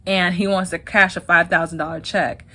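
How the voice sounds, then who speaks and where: A woman hosting a casual TV episode recap, retelling scenes in chatty, quick bursts. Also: lowish voice, fairly even intonation, pushed and bright. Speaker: TV recap host.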